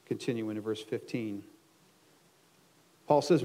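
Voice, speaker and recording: A male pastor preaching a sermon, swinging from quiet asides to loud, emphatic outbursts and often repeating words as he restarts. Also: mid-range voice, big pitch swings, unhurried, pauses often.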